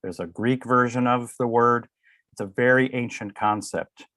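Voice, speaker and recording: A man from Connecticut, a political science professor, answering interview questions over a remote connection in a measured, lecturing way. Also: medium pitch, steady tone, fairly bright tone, no room sound. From Connecticut, USA. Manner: measured, lecturing, with frequent uh fillers. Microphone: remote video call.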